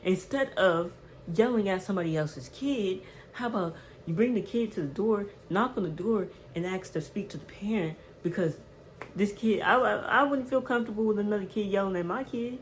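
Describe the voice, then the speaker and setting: A woman vlogger telling a casual storytime, animated and emphatic, with slang and repeated words. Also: medium pitch, moderate pace, a little hiss or hum, low-quality recording.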